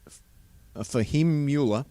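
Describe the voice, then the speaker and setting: A man's voice: medium pitch, slow, dark tone, no echo. A man hosting a sports talk radio show, chatting casually and joking with his co-hosts.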